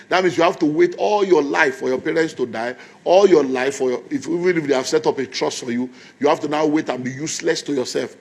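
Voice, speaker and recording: A man gives a motivational talk like a pastor. He tells the story with animation and acts out each voice, his pitch sitting a little high. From Nigeria.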